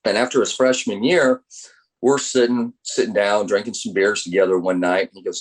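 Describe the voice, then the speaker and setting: A fairly low-pitched, fairly quick American man, middle-aged and coaching college baseball, recounts stories during an interview. He's an animated teller who plays out each quoted line.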